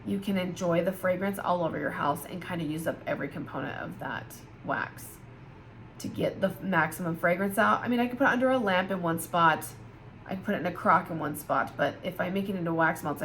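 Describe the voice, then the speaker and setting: A tired, yawning woman gushes enthusiastically about scented candles in a casual product review vlog for her viewers. Her voice is fairly low and a bit bright, she speaks fairly quickly, and there's a little hiss or hum.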